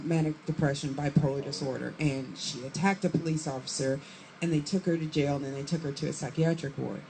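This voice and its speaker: Woman, stand-up comedian, profane storytelling, animated voices for quotes, background noise. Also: deep voice, rough recording. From Chicago area, USA.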